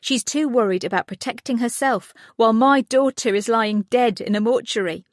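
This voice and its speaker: A woman's voice: a little high, normal speed, dry recording, studio quality, pitched above the performer's own voice, natural voice. A woman voicing a grieving mother who is angry and accusing in an audiobook, speaking with raised urgency. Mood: anguished.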